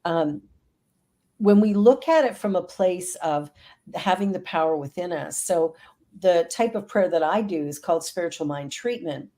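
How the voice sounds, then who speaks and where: A woman's voice: lowish voice, lively intonation, normal speed, warm tone. A middle-aged woman talking in an earnest, upbeat way during a casual video-call chat. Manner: earnest, upbeat, speaks of prayer and affirmations.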